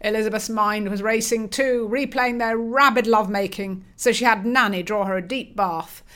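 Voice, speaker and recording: A woman with a mid-pitched voice reads a bawdy comic story. She keeps a straight face, letting the absurd lines land on their own. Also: fairly even intonation, normal speed, a bit bright. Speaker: narrator.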